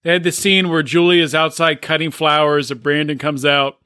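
A man's voice: on the high side, little pitch movement, normal speed, sharp tone, clear, resonant tone. A man co-hosting a podcast in casual chat, recapping scenes and mimicking cast members. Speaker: podcast co-host.

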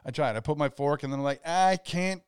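A man's voice: mid-range voice, fairly even intonation, rapid-fire, a little mellow, clean tone, no echo, studio quality. A young man co-hosting a podcast, telling stories in casual chat with hesitant stammering restarts. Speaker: podcast co-host.

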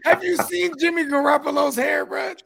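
A man with a high, gravelly voice hosts a loose sports chat. He jokes constantly and talks in thick slang, raising his voice when he gets going. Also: normal speed. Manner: animated, joking, heavy slang.

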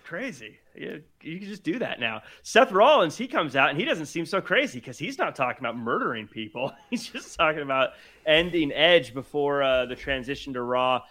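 A man's voice: on the high side, sing-song, normal speed, bright, forceful tone. A man co-hosting a podcast, chatting casually about wrestling and laughing often. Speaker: podcast co-host.

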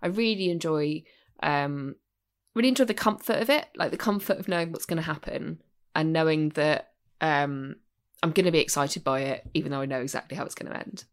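A woman's voice: sits low, fairly quick. A woman co-hosting a podcast in casual, chatty conversation, swearing now and then. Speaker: podcast co-host. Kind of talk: casual chat.

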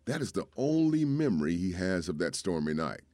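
Storyteller, male, solemn and measured, deep voice, dry close sound. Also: big pitch swings, dark tone, dry recording. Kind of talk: scripted story narration.

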